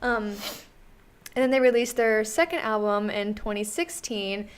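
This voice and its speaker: A woman's voice: medium pitch, lively intonation, normal speed, clear, resonant tone. A young woman co-hosting a casual podcast, talking in a rambling, self-deprecating, giggly way. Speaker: podcast co-host. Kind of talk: casual chat.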